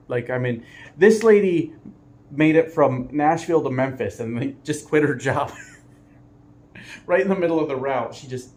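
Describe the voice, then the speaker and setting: A man's voice: fairly high pitch, animated, moderate pace, a little mellow. A man who drives trucks for a living, telling a story casually, often laughing and swearing lightly.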